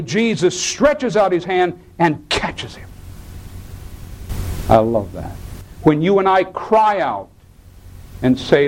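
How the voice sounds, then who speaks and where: Male pastor, sermon delivery, dramatic swings from hushed to high, slightly raised pitch. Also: very animated, slow pace, pauses often, slight background noise, poor audio. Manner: dramatic, swings from low hushed tones to high cries when quoting; addresses listeners as "beloved".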